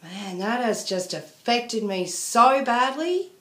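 A woman's voice: a little high, animated, slow pace. A woman venting in a casual video diary, rambling and apologetic. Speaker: vlogger. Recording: echoey room.

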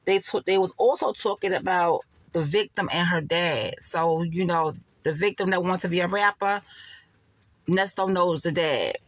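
A woman's voice: on the low side, normal speed, dry recording. A woman, giving sassy, laughing gossip commentary and calling her listeners honey and child. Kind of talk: casual commentary vlog.

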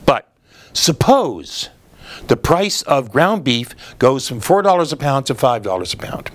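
A man's voice: mid-range voice, sing-song, unhurried. Male host, political commentary; sardonic, explains patiently, drops in "uh" fillers.

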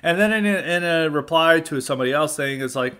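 A man's voice: on the high side, lively intonation, fairly quick, bright, forceful tone. A man hosting a podcast, giving blunt, indignant opinion commentary with restarts and chuckles. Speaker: podcast host.

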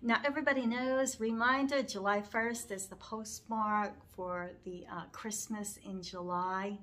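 A middle-aged cross-stitch vlogger shares a personal story casually, rambling and heartfelt, with many fillers and restarts as her voice wavers toward tears. Her mid-range voice is steady, unhurried, and a little bright.

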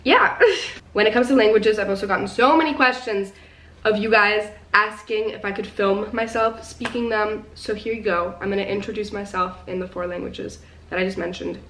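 A woman's voice: medium pitch, fairly even intonation, moderate pace, a bit bright, recorded from a distance, a little hiss or hum. A teenage girl talking casually to her viewers in a vlog. She rambles and chatters with plenty of fillers and a mid-range voice. The sound is roomy and picked up from a little way off the mic. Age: teens. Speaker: vlogger.

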